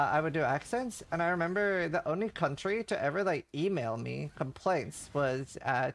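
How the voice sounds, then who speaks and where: Man, slightly high voice, rambling casual streamer chatter. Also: a bit bright. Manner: chatty, rambling, heavy use of "like". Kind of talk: casual livestream chat while gaming.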